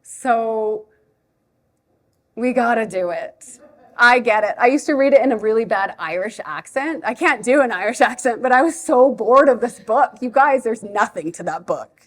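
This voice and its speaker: A woman who teaches preschool, giving a chatty, animated live talk to a parent audience at a library event. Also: fairly high pitch, normal speed. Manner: chatty, animated, self-deprecating.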